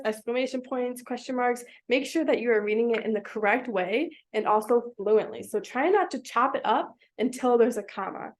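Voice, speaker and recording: A woman teaching a small reading group, patient and encouraging, asking the children many questions. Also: on the high side. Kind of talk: classroom instruction to children.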